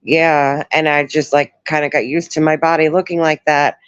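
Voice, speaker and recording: A woman in her thirties chatting on a live stream from home, sore after surgery, soft and emotional as she thanks her viewers. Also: low-pitched, little pitch movement, normal speed, smooth, dry recording. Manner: soft, emotional, greets chat viewers warmly. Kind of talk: casual live stream chat. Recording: dull lo-fi stream audio.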